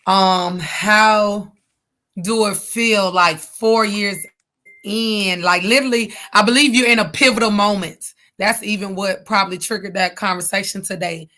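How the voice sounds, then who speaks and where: A woman's voice: medium pitch, fairly even intonation, a little slow, pushed and bright. A woman hosting an interview, asking encouraging, reflective questions in a casual way. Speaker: interview host.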